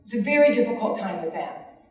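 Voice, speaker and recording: A woman's voice: medium pitch, lively intonation, brisk, distant mic. Impassioned woman teacher in echoey hall. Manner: earnest, impassioned pleading. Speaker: special education teacher. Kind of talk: public testimony at a legislative forum. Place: large hearing room.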